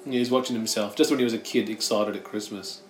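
A man's voice: on the low side, fast. A man co-hosting a podcast, chatting casually while watching a film and laughing often. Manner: laughs often, animated storytelling. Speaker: podcast co-host. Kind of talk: casual film commentary chat. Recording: echoey room, faint noise.

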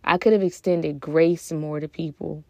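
A woman's voice: deep voice, fairly even intonation, normal speed, creaky, warm tone, no room sound, muffled recording. A young woman hosting a podcast, speaking earnestly and from the heart in a reflective personal talk, with hesitant fillers along the way. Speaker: podcast host.

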